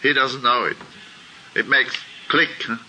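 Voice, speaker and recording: Slow, halting man giving a spiritual talk. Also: medium pitch, steady tone, pushed and bright, a little hiss or hum, rough recording. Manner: slow, halting, searching for words. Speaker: spiritual teacher. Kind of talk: lecture to a group.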